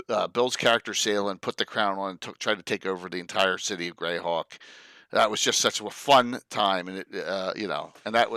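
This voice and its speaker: A man's voice: lowish voice, bright, forceful tone, smooth, dry recording. A man hosting a casual chat, emphatic as he relays viewer questions and talks about his long campaigns.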